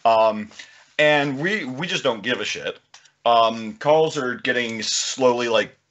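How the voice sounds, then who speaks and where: A man's voice: mid-range voice, expressive, slow, a bit bright, dull audio. A man telling a story as a podcast guest in casual chat, laughing often.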